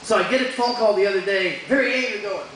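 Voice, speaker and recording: A young man performing a stand-up comedy set in a bar, delivering crude jokes with deadpan punchlines. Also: high voice, fast, a little hiss or hum. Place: bar stage with live audience. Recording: echoey bar room from far off.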